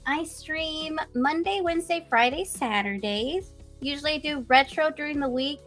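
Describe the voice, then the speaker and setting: A woman's voice: high-pitched, moderate pace, a bit bright, soft background music. A young woman streamer chatting as a guest, bubbly and giggly. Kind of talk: casual interview chat.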